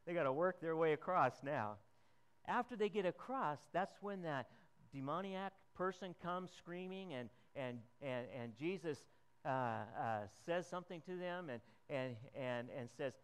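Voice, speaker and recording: A man's voice: a little high, expressive, measured pace, clear, resonant tone. A man preaching a conversational sermon, asking the congregation questions and chuckling as he retells the story.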